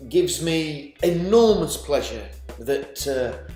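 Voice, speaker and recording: A man's voice: fairly high pitch, animated, slow, darkish tone. A man in his forties, a vlogger in a heated, sweary monologue full of stammered restarts and sarcasm. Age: 40s. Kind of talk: angry ranting monologue. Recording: echoey room with faint music.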